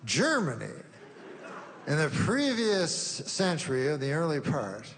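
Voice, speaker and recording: A man doing stand-up comedy in a deadpan, rambling way. His voice sits a little high and carries a long hall echo, with faint background noise in the room. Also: unhurried.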